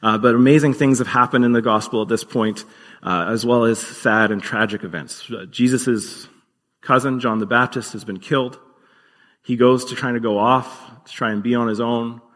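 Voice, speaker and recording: A man's voice: medium pitch, fairly even intonation, moderate pace, fairly bright tone, in a large hall. A man preaching a sermon as pastor, earnest and conversational, with occasional fillers.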